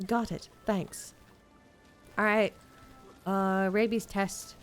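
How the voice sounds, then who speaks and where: A woman's voice: medium pitch, steady tone, slow pace, faint music behind. A woman streamer chatting casually and reading game dialogue aloud with a giggly, playful manner.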